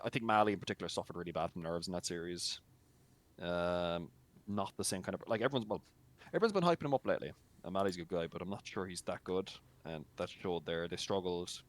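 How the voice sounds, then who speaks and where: Deep-voiced blunt man. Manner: blunt, teasing, chatty with many fillers. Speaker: esports co-caster and league admin. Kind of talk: casual post-match commentary.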